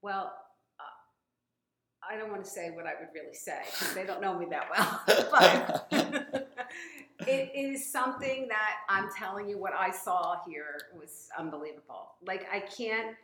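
A woman's voice: mid-range voice, measured pace, a bit bright. A woman guest in a casual chat, talking in a rambling, emotional way with many fillers and laughs. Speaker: guest, gym member sharing her story. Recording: roomy echo.

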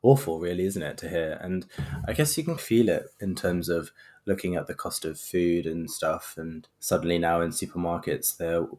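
A man's voice: deep voice, normal speed, darkish tone. A man in his thirties hosting a podcast, chatting casually and sarcastically with lots of rambling asides. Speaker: podcast host.

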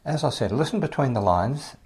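A man's voice: mid-range voice, fairly quick. A man with an Australian accent hosting a show, chatting to listeners and interviewing a guest. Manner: chatty, relaxed, talks straight to listeners. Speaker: podcast host and interviewer. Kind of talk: casual introduction and interview.

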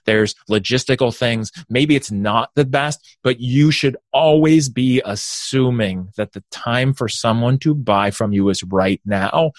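A man who is a sales consultant guest on a podcast interview, energetic and explaining with quick asides. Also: mid-range voice, dry recording.

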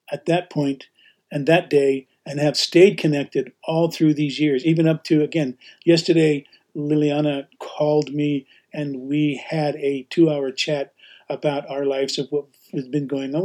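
Husky, slightly high-voiced male host recounting travel stories with frequent laughter. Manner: animated, laughs often while telling stories. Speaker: podcast host and teacher. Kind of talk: casual storytelling.

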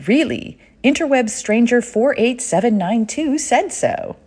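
A woman's voice: on the low side, darkish tone, husky. A woman hosting a solo podcast, telling a playful story in a chatty way and laughing now and then. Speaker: podcast host.

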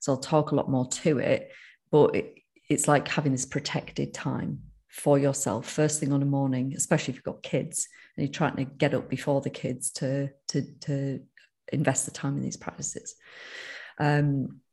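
A speaker with a northern English accent chats casually on a podcast. The voice is gravelly, with a fair amount of fry, and sits at a middle pitch. The talk rambles and keeps restarting, full of fillers. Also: level tone, moderate pace, darkish tone.

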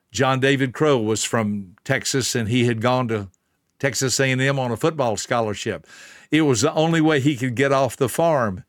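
A man's voice: medium pitch, no echo, clean studio sound. Earnest man telling a motivational story. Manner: earnest, emphatic, speaks directly to listener. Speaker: motivational speaker.

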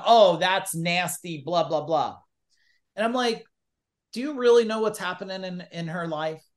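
A middle-aged man, a business coach, telling stories in a podcast interview with an animated, emphatic delivery and acted-out quotes. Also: a little high.

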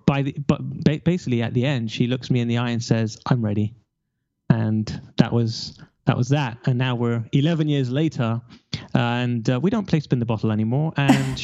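A man's voice: mid-range voice, a little mellow, no echo, highs cut off. A man in his forties from London, telling his life story candidly over a remote call, rambling with restarts. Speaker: guest.

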